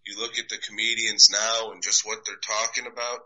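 A man's voice: lowish voice, little pitch movement, fairly quick, sharp tone, dull audio. A man in his thirties from the United States hosting a casual podcast chat, crude and mocking, swearing freely. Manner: crude, profane, mocking, acts out quoted voices. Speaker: podcast host.

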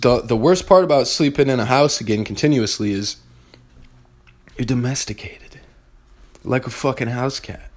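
A young man hosting a podcast, giving a blunt, profane, fired-up motivational monologue straight to his listeners. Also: mid-range voice. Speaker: podcast host.

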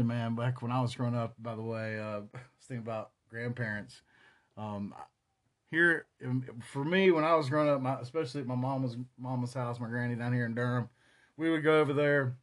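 A man in his forties with a North Carolina Southern drawl, talking alone into the mic for his podcast. He rambles from memory to memory with loose, profane asides. His pitch sits in an ordinary middle range. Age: 40s. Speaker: podcast host. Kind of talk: casual solo podcast monologue.

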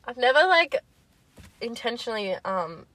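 A young adult woman co-hosting a podcast, chatty and quick to laugh, still getting over a lingering illness. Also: a little high, big pitch swings, bright, forceful tone, slight background noise. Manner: chatty, laughs often, swears casually. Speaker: podcast co-host. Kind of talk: casual chat.

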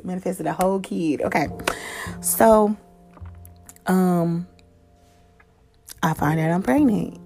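A woman's voice: fairly low pitch, dark tone. A young woman hosting her own show, telling a personal story in a candid, casual way with frequent swearing and fillers. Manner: candid, profane, conversational with fillers. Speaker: podcast host.

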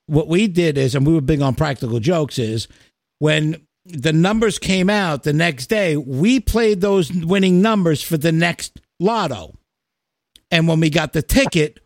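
A podcast host in his fifties tells a story in casual, profane chat, full of fillers. His voice sits fairly high and the sound is close and dry. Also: animated, measured pace, no echo.

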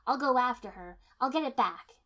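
A woman voicing a furious young female ninja who rasps and snarls, raised and loud. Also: sits high, lively intonation, normal speed, voice pushed up. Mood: snarling. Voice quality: rasping, snarling.

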